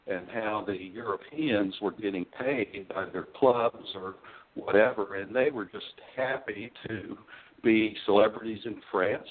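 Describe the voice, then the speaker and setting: A man's voice: fairly low pitch, slightly rough. A man in his sixties, a former pro tennis player, reflecting at length as a radio guest. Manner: rambling and reflective, many restarts. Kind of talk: radio interview, reflective chat. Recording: tinny phone line.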